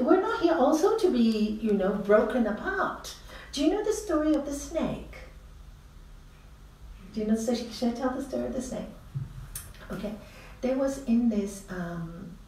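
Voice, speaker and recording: A woman's voice: a little high, dark tone. A middle-aged woman from India who teaches spirituality, giving an informal talk full of stories and rhetorical questions. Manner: storytelling, rhetorical questions, frequent laughter. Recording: echoey room, distant mic, faint hiss.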